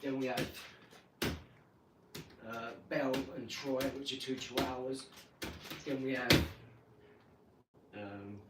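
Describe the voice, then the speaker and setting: A man's voice: mid-range voice, slow, long pauses, far from the mic. Chatty man in an echoey room. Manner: chatty, animated when acting out scenes. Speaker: vlogger. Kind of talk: casual rambling storytelling. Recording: echoey room, voice off-mic, noisy.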